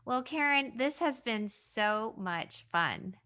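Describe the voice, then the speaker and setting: A woman hosting a podcast over a video call, asking her guest questions and thanking her with enthusiasm. Her voice sits a bit high and sounds bright and forward. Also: lively intonation, slow pace. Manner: enthusiastic, effusive praise. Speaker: podcast host. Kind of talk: interview chat.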